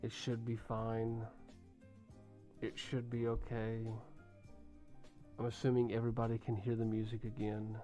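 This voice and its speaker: A man's voice: mid-range voice, monotone, unhurried, pauses often, mellow. A young man streaming live, chatting casually with viewers and reading out usernames in a rambling way. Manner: chatty, rambling, talks to chat and reads usernames. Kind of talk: casual livestream chat. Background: faint music.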